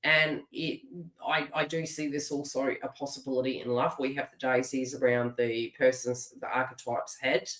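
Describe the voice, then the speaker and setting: A woman's voice: rumbling low, level tone, normal speed, fairly bright tone. A middle-aged Australian woman giving a live tarot reading and chatting casually, laughing often and restarting her phrases. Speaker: tarot reader. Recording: roomy echo.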